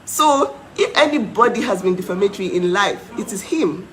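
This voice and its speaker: A woman's voice: mid-range voice, expressive, moderate pace, a little hiss or hum, poor audio. A young woman from Nigeria ranting to her followers, indignant and mocking, breaking into disbelieving laughs. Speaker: vlogger. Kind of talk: heated live rant to followers.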